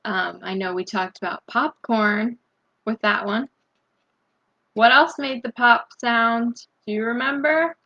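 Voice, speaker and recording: Slow, gentle woman reading a bedtime story. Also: on the high side, lo-fi sound. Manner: slow, gentle, asks young listeners questions. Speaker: storybook reader.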